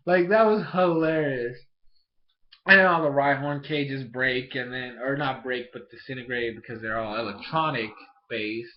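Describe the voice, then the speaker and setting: A man casually reviewing a cartoon episode, rambling with many restarts and fillers, getting excitable. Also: fairly high pitch, lo-fi sound.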